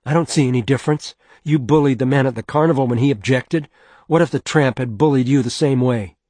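A man voicing a young woman who is furious and indignant, speaking in a sharp, accusing way with his voice pitched up. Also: moderate pace, slightly rough, no room sound, natural voice. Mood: angry, accusing.

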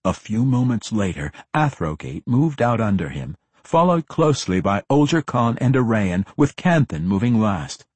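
A man reading a fantasy audiobook as narrator, telling the story in an expressive, dramatic way. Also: lowish voice, normal speed, hardly any pauses, breathy edge, dry recording.

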